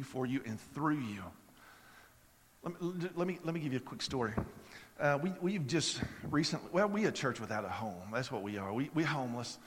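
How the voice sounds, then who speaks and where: A male pastor preaching in a relaxed, chatty way and stumbling over repeated words at the start of sentences. His voice sits at an ordinary middle pitch. A long reverb trails after every phrase, as in a large hall. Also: a little hiss or hum. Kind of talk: sermon with storytelling.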